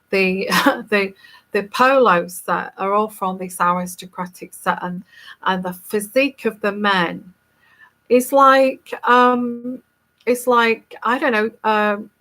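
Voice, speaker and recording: A woman's voice: mid-range voice, fairly bright tone. A woman with a neutral English accent, a tarot reader talking casually to viewers in a rambling, emphatic and scornful way.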